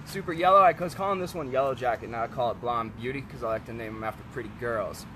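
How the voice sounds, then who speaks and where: A man in a casual, blunt rant to camera, swearing often and turning loud when heated. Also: mid-range voice, fast, slight background noise. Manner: profane, blunt, frequent swearing. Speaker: vlogger selling kratom.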